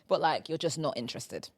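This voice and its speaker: A woman's voice: sits low, slightly rough. A young woman hosting a casual comedy podcast, playful and prone to acting out lines in silly voices. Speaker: podcast host.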